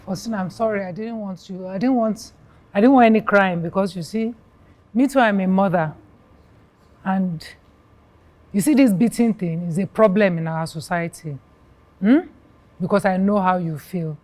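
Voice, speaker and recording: Nigerian lady asking questions, soft and sympathetic, average pitch. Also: moderate pace, pauses often. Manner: sympathetic, soft-spoken comforting. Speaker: interviewer. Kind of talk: interview questioning.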